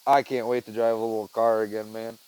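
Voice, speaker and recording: The host's fairly low, slightly mellow voice stays level as he talks briskly through a headset mic on his solo podcast. Tired and relaxed, he meanders, swears, and uses "man" and "dude" constantly; the low-quality recording carries a bit of hiss or hum.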